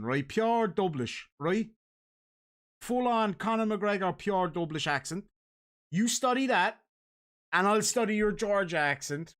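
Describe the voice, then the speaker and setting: A man's voice: high-pitched, a bit bright. An Irish man hosting a casual livestream chat, joking and teasing his co-host. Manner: joking, teasing, dares and goads. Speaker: streamer host.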